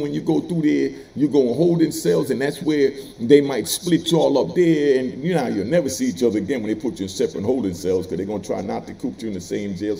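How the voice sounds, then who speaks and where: A man's voice: mid-range voice, creaky, warm tone. A middle-aged man telling prison stories in a casual, streetwise way, laughing as he goes. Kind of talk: casual storytelling monologue.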